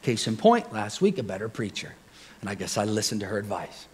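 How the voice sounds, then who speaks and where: A man preaching a relaxed, conversational sermon to his congregation, telling personal stories with frequent chuckles and questions to the crowd. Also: on the low side, brisk, husky. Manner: jokey, chuckles often, asks the congregation questions. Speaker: pastor. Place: church service before a congregation.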